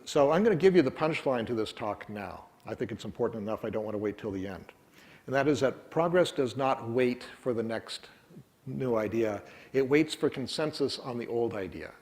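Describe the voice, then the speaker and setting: A man's voice: medium pitch, expressive, moderate pace, darkish tone. A middle-aged man giving a wry, conversational technical talk at a conference, full of ums and uhs. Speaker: conference speaker. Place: conference room.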